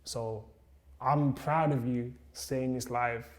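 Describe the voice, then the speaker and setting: A man's voice: mid-range voice, steady tone, slow. A man with a mid-range voice hosts a casual podcast interview. He speaks in an encouraging way and keeps up frequent listening murmurs while his guest talks. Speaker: podcast host.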